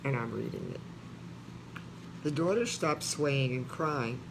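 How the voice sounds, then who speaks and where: Guy reading a book out loud real slow and heartfelt, noisy background hum. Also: mid-range voice, lively intonation, vocal fry. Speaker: reader. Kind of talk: reading a memoir aloud with asides.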